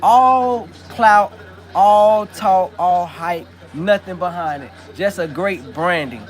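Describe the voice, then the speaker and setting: Brief: high-pitched male streamer, brash and profane, ranting about sports live. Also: slow, soft background music. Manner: brash, profane, heated trash talk; animated, rambling with restarts. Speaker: livestream host. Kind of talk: live sports commentary chat.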